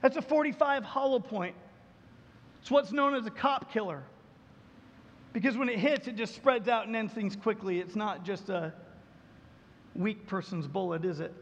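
A high-voiced man preaches in a big hall with a long echo, and the sound is dull. He tells a story like a pastor, acting out each voice and sinking to a hushed tone to drive the point home. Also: normal speed, pauses often. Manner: storytelling, acts out dialogue, drops soft for emphasis. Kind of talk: sermon.

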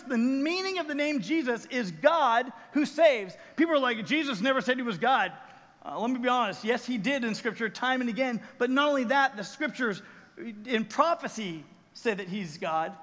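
A man's voice: high-pitched, fairly bright tone, in a large hall. A man preaching a sermon as pastor on a church stage, telling a story earnestly and with emotion.

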